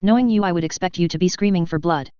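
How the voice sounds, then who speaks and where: A woman's voice: lowish voice, fast talker, mellow, clean tone, no echo, highs cut off, natural voice. A woman voicing a laid-back, giggly furry female alien who likes her snacks. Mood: amused. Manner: giggly, easygoing.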